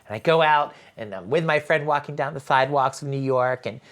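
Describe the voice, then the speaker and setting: A woman's voice: a bass voice, a little fast. A woman guest on a podcast talking in a rambling, casual way. She fills her speech with "you know" and "like", and acts out the voices in her stories. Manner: acts out quoted voices while telling stories. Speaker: podcast guest, spirits brand co-owner. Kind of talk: casual interview chat.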